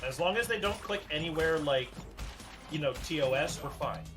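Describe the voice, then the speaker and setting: A man's voice: a little high, expressive, moderate pace, a bit bright. A man co-hosting a charity livestream, chatting casually with rambling jokes. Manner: joking, rambling asides. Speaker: livestream co-host. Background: music.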